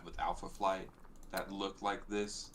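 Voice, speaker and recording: A man's voice: low voice, little pitch movement, a little slow, a bit bright, a little hiss or hum. A man in casual chat, rambling through recollections like a storyteller.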